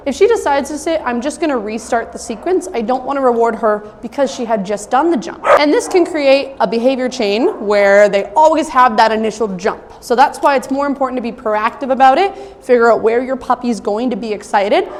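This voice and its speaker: A young adult woman dog trainer giving an instructional demonstration, explaining calmly with occasional high-pitched praise for a puppy. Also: a little fast, hardly any pauses. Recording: long reverb with faint ambient noise.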